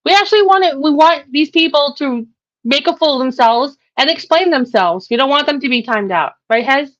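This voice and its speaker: High-pitched laughing woman co-host, lo-fi. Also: expressive, fairly quick. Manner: laughs often, blunt. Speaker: co-host of a live stream. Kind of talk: casual live-stream chat. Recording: dull lo-fi audio.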